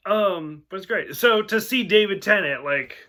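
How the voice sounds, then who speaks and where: A young man in a casual review chat, cursing freely and breaking into quoted lines. His voice sits high and swings around a lot. The tone is bright and forceful. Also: expressive, normal speed. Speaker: podcast co-host.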